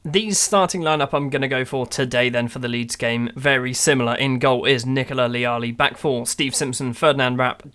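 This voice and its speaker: A man's voice: medium pitch, sharp tone. Wry man commentating a game. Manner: wry, exasperated play-by-play. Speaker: gaming YouTuber.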